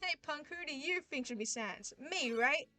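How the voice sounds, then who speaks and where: A woman's voice: high-pitched, lively intonation, normal speed, pushed and bright. A woman voicing a brash, competitive warrior woman who talks bluntly and teases. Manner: blunt, teasing, calls people punk.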